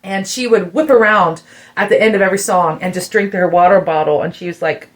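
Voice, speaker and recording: Middle-aged american lady on a podcast, chatty and animated, lots of "like", voice climbs when she gets into it. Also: medium pitch, brisk. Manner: animated storyteller, many "like" fillers, rising excitement. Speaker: guest musician telling a story. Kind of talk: casual podcast chat.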